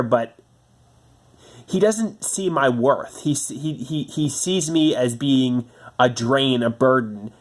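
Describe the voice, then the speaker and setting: A man venting about his home life in a personal monologue, stammering through restarts and swearing often. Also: medium pitch. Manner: halting, stammering restarts, frustrated. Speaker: vlogger.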